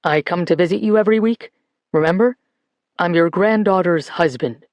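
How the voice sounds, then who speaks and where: A narrator voicing a patient, gentle man who speaks kindly to an old relative. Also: high-pitched, normal speed, no echo. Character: gentle middle-aged man, a museum keeper.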